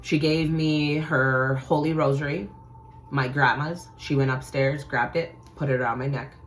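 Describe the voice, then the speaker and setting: A woman's voice: very deep voice, steady tone, measured pace, slight background noise. A woman hosting a vlog, telling a frightening personal story in an intense, profane, dramatic way. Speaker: channel host.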